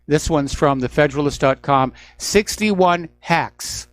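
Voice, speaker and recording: A man's voice: fairly high pitch, unhurried, hardly any pauses, no echo. Indignant radio talk host, man. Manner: indignant, emphatic. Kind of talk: news commentary monologue.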